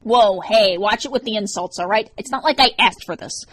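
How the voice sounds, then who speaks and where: A woman's voice: medium pitch, fairly quick, a bit bright, dry recording, pitched above the performer's own voice, close to an everyday voice. Woman reading as Rorik, brash teen demon boy. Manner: wisecracking, defensive. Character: brash teenage male demon, sardonic loner.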